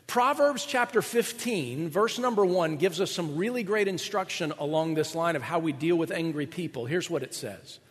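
Pastor guy joking through his sermon, voice bouncing all over, reverb from the hall. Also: a little high. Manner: animated and joking, with quick asides to the listeners.

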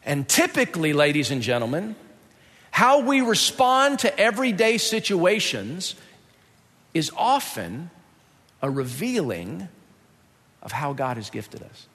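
A man preaching a sermon in a conversational, animated way, full of rhetorical questions to his listeners. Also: fairly high pitch, measured pace, pauses often, in a large hall. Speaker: pastor.

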